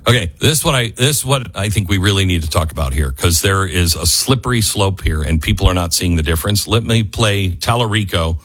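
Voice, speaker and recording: A man hosting a talk radio show, delivering an impassioned monologue that builds until he is nearly yelling. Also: sits low, lively intonation, brisk, hardly any pauses, breathy edge, soft background music. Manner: fiery, raises voice to near yelling.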